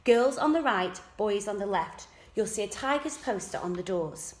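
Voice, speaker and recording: A woman reading a storybook aloud, voicing a brisk adult group leader giving children firm instructions, in an echoey room. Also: medium pitch, lively intonation, close to an everyday voice.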